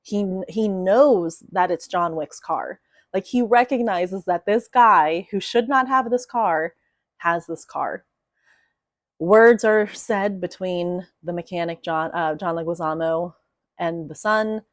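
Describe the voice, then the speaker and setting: A young woman explains writing craft in a loose, talkative way, full of "like" and "you know". Her voice sits slightly low, and the recording is close and dry with no room around it. She tells the story with real animation. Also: takes it slowly, no room sound. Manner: chatty, animated storyteller with many fillers. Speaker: writing coach. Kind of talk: casual explainer to camera.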